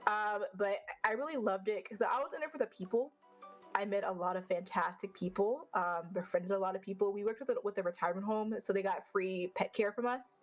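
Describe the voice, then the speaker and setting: Blunt, animated young woman guest. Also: mid-range voice, brisk, faint music behind. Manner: blunt, animated storytelling with swearing and acted quotes. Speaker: interview guest. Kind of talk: casual interview chat.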